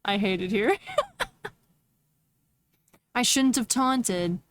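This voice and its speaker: A woman's voice: medium pitch, very slow. A woman streamer chatting casually on a live stream, playful and giggly, with mock-dramatic complaints.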